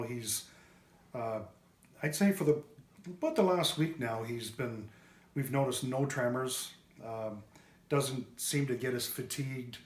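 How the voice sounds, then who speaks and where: Man, mid pitch, echoey room, halting testimonial, lots of uh and restarts. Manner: halting, with many fillers and restarts. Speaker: pet owner giving a testimonial. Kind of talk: unscripted testimonial. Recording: roomy echo.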